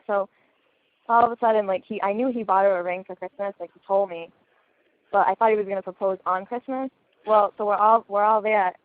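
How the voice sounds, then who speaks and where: A woman's voice: medium pitch, steady tone, fairly quick, no echo. A woman telling a story in casual chat, blunt and laughing often. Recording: tinny phone-like line.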